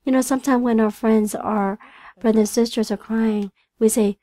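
A woman whose first language is Vietnamese, interpreting a church sermon in an earnest, halting way with frequent restarts. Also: fairly high pitch, dark tone.

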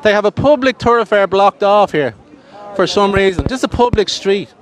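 Combative high-voiced Irish man. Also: moderate pace. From Ireland. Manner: combative, taunting, addresses viewers. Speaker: street streamer. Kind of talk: confrontational street filming. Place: outdoors on a city street.

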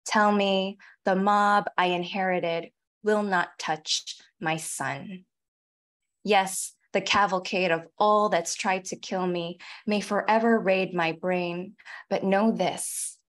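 Woman, 40s, poet; deliberate readings, fast halting asides, heard over a video call. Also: medium pitch, fairly even intonation, fairly bright tone. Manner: measured, deliberate delivery of poems; quick, halting chat between them. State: tearful, voice catching. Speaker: featured poet. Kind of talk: poetry reading with spoken asides.

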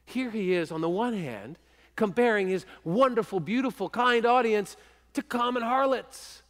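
High-voiced preacher in a ringing sanctuary. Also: male voice, lively intonation, moderate pace, big-room sound. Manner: earnest, often dropping to a hushed, intimate voice. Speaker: pastor. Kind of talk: sermon. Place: church sanctuary.

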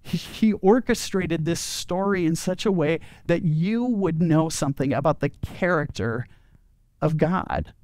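A man's voice: fairly high pitch, unhurried, a little mellow, no room sound. A man preaching a sermon as pastor, telling a story earnestly and often repeating words as he goes. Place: church.

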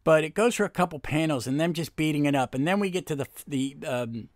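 A man's voice: on the high side, fast talker, no echo, clean studio sound. A man hosting a comic book podcast, chatting casually and rambling with many fillers and restarts. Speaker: podcast host.

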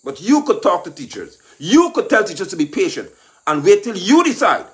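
A man delivers a scolding political monologue in a high, very lively voice. He mocks and lectures, pushing up into shouts. Faint insect noise sits behind him. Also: normal speed. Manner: mocking, lecturing, rising to shouts. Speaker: political commentator.

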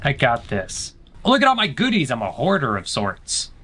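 Animated bright-voiced man gaming. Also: mid-range voice, moderate pace, slightly rough. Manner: jokey, answers chat, sudden panicked yelps. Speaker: gaming streamer. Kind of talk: let's play commentary.

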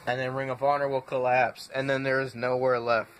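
A man's voice: medium pitch, flat delivery, a little fast, fairly bright tone, slight background noise. Furious swearing young man ranting. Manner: swearing constantly, exasperated. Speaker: wrestling fan vlogger. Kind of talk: angry profane rant.

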